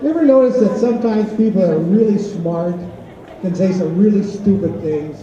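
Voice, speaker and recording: A middle-aged man, a teacher, doing a stand-up routine of rapid one-liner jokes at a school talent show. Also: high voice, mellow, a faint crowd, slight background noise. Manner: rapid-fire one-liner joke telling. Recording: echoey, distant, lo-fi auditorium recording.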